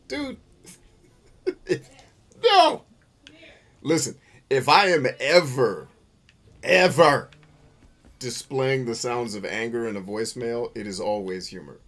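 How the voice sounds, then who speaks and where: A man hosting a gaming show, riffing through casual gameplay commentary, boisterous and playful, full of slang and swearing, with sudden loud outbursts. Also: medium pitch, big pitch swings, takes it slowly, pauses often. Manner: boisterous and playful, bursts into loud shouts and laughter.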